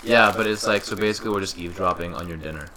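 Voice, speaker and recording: A man's voice: low-pitched, rapid-fire, noisy background. A young man co-hosting a podcast in casual chat, full of crude jokes and banter. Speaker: podcast co-host.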